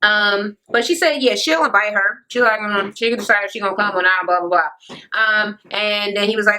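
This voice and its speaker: A woman's voice: medium pitch, moderate pace, sharp tone, poor audio. A woman vlogger ranting through a reality TV recap, blunt, sassy and full of profanity, with sarcastic asides to the viewer.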